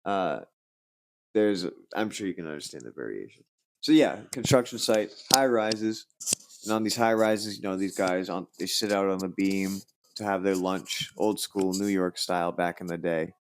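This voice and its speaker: A man's voice: deep voice, normal speed, a little hiss or hum. A man hosting a podcast, casually telling a long joke with lots of fillers and restarts, and raising his voice for the characters in it. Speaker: podcast host. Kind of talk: casual chat.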